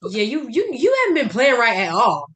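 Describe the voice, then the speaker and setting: A woman co-hosting a podcast in casual chat, jokey and quick to tease. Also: fairly high pitch, huge pitch swings, a bit bright. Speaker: podcast co-host.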